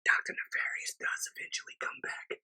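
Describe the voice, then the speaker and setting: A man on a casual podcast, telling a story with energy and loudly acting out the characters' lines. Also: brisk, whispered. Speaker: podcast co-host. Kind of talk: casual chat.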